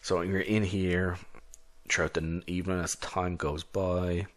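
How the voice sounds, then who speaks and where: A man's voice: sits low, level tone, a little slow. A man narrating a solo tabletop game in a casual, rambling way. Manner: casual, rambling, many restarts.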